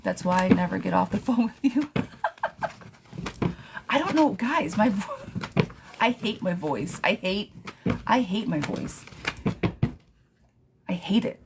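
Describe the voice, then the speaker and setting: A woman's voice: mid-range voice, expressive, slow pace, creaky, long pauses. Woman, tarot reader, casual live-stream chat, laughs a lot, audible background noise. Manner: chatty, laughs often, reads out viewer questions.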